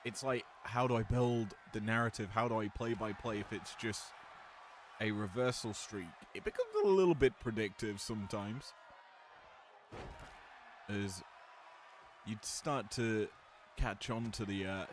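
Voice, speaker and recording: A man calling a wrestling match play-by-play, drifting between relaxed chatty asides and louder calls on big moves, with a slight growl in his voice. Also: fairly low pitch, a little slow, pauses often, a little hiss or hum. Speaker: wrestling commentator. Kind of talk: play-by-play commentary on a simulated match.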